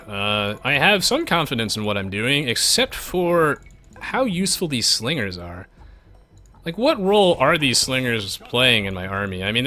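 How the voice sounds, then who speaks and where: A man's voice: medium pitch, bright, forceful tone. A man live-streaming a strategy game, chatting with viewers in a self-mocking, rambling way with lots of restarts.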